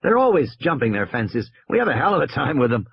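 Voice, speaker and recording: A man's voice: medium pitch, very animated, quick pace, creaky, slightly rough, muffled recording, pitched above the performer's own voice, full character voice. A man reading an audiobook, voicing a breezy male publicist who waves off worries with glib reassurance. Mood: dismissive.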